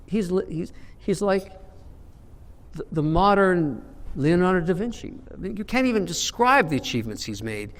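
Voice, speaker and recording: A man's voice: high voice, lively intonation, normal speed, a bit bright, long reverb tail. A man in his sixties telling blunt, emphatic anecdotes as an investor guest in an interview. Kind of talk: storytelling interview answer.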